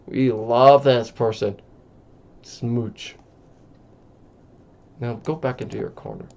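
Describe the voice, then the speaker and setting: Slow casual man reading a script. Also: mid-range voice, fairly even intonation, creaky, darkish tone. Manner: offhand, swearing asides. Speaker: channel host reading a screenplay. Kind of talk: casual comedic script read-through. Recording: dull lo-fi.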